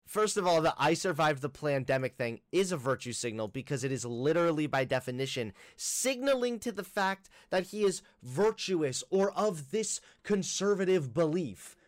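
A man talks through a reaction video, firing back at a critic with sarcasm and quick rebuttals. His voice sits a bit high for a man. The sound is dry and close, with no room around it. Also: expressive, dry recording. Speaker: commentary YouTuber. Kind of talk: reaction commentary.

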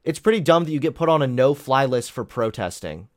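A man's voice: medium pitch, very animated, fairly quick, a little mellow, no echo, clean studio sound. A young man casually reacting to clips on a vlog, sarcastic and profane, laughing at his own jokes. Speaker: political commentary vlogger.

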